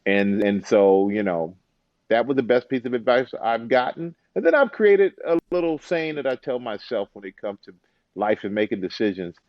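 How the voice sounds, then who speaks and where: A man's voice: mid-range voice, moderate pace, dry recording. A man speaking as an interview guest, telling stories with lots of life in his voice and slipping into other people's voices as he quotes them. The sound is dry and a bit dull, with little room around it. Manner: animated storyteller, acts out quoted voices, laughs. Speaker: interview guest, former football player and TV host. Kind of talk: casual interview chat.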